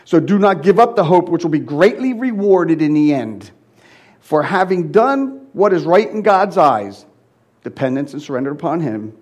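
Middle-aged male pastor, lively pitch, slightly raised register, sermon mixing shouts with soft confiding. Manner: swings from loud high exclaiming to quiet low confiding. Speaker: preacher. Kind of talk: sermon with personal testimony.

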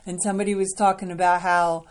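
A woman's voice: fairly low pitch, little pitch movement, fast talker. A woman co-hosting a casual advice chat, supportive, often chiming in with short agreements and reading out examples. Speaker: co-host on family recovery.

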